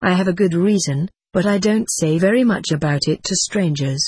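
A brusque, evasive ghost of a stock seller who does not know he has died, read by a woman. The voice sits a little low and husky, with a dry, close sound. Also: moderate pace, darkish tone, no echo. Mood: guarded. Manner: guarded, brusque. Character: evasive male spirit of a dead stock seller.

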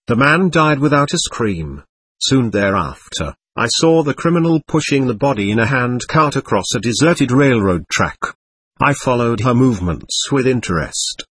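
Give me an expressive male audiobook narrator with a husky, dry voice. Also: medium pitch, no echo.

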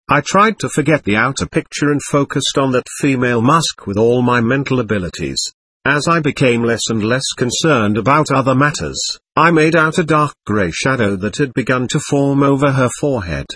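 Husky, lively male audiobook narrator. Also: medium pitch, no echo.

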